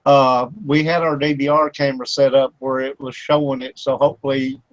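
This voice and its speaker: This is casual chat from a home studio for internet radio, where the male host spins a rambling story packed with fillers and laughs. He speaks briskly at medium pitch in a level tone, and the recording is muffled with no room sound.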